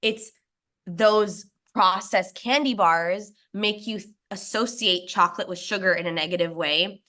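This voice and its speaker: A woman's voice: mid-range voice, measured pace. A young adult woman telling her story as an interview guest, chatty and often laughing. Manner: chatty, laughs often, quotes others in lively asides. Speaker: guest, snack brand founder.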